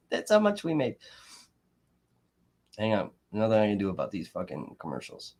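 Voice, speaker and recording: A man's voice: lowish voice, wildly swooping pitch, normal speed, creaky. A man hosting a livestream, reacting to trial footage with heated, profane commentary and getting worked up as he talks to his chat. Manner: angry, swears constantly, gets worked up and loud.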